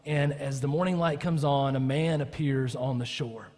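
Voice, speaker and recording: A male pastor preaching a sermon as lively storytelling, acting out the people he quotes. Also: medium pitch, normal speed, long reverb tail.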